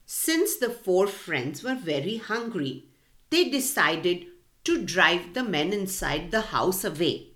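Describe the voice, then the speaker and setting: Slow, expressive woman storyteller. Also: mid-range voice. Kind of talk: reading a storybook aloud to children.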